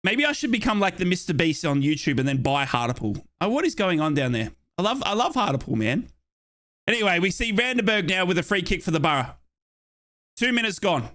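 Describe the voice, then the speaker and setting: A young Australian man giving chatty, excitable live play-by-play of a football match as a fan commentator, with playful asides. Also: sits high, fairly quick.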